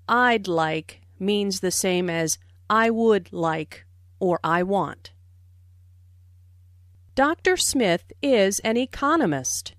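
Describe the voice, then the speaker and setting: A woman reading English lesson notes in a careful, clearly enunciated scripted narration. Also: mid-range voice, dry recording, clean studio sound. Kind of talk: slow scripted teaching narration.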